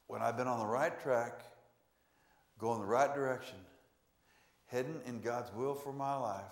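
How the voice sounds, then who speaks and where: A male pastor delivering a sermon in a church, preaching emphatically with sudden loud swells. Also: mid-range voice. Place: church sanctuary. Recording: echoey church room.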